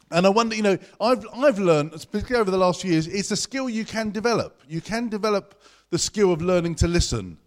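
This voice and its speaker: A man's voice: high-pitched, animated. A young man preaching a sermon as pastor in a church, chatty and conversational. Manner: chatty and conversational, talks fast.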